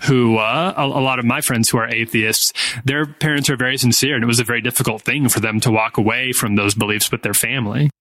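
A young man co-hosting a casual podcast, talking in a relaxed, reflective way with fillers. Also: mid-range voice, fast talker, no echo, poor audio. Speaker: podcast co-host. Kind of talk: casual studio podcast chat.

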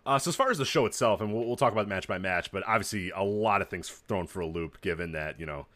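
A man's voice: deep voice, fairly bright tone. A man co-hosting a casual podcast, talking loosely with lots of fillers. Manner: fast, loose, filler-heavy talk. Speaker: podcast co-host.

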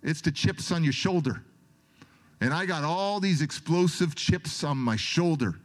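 High-voiced emotional motivational speaker. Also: male voice, animated, a little slow. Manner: storytelling, dramatic, swings from loud to soft.

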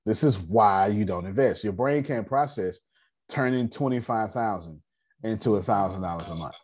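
A man hosting a casual personal finance class on a video call, slangy and animated, talking straight to his group. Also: fairly low pitch, normal speed.

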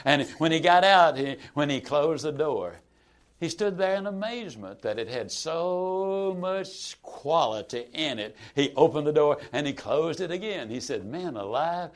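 A man telling a story in a folksy, animated way, acting out dialogue with emphatic swings. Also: a little high, measured pace. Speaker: motivational sales speaker. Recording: archive speech recording.

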